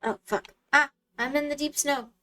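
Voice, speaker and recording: A woman streamer offers casual gameplay commentary, hesitantly musing aloud and talking to herself. Her voice is high and sharp with a steady tone, at a normal speed.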